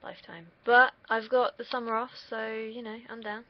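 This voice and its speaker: A woman's voice: a little high, level tone, normal speed, no room sound, highs cut off. A young woman from the UK, vlogging in a casual, rambling monologue that wanders off on tangents, with the odd swear word. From United Kingdom.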